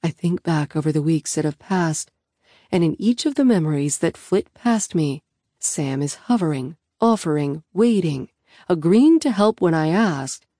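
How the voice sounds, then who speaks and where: A woman's voice: deep voice, lively intonation, a little slow, mellow, no echo, clean studio sound. A woman reading a novel aloud in the first person, in an intimate, reflective storytelling manner. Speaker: audiobook narrator.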